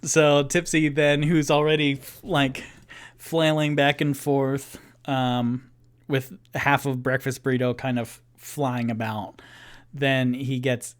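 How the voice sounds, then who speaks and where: A man's voice: mid-range voice, flat delivery, takes it slowly, smooth. A man casually narrating a solo tabletop game as game master, playful and chatty, laughing at his own rolls.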